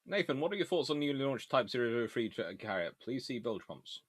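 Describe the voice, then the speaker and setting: This host speaks fast, with a medium pitch, big swings in intonation and a breathy edge. He runs a relaxed live question-and-answer stream about naval history, reading viewers' questions aloud and answering them offhand while snacking in between.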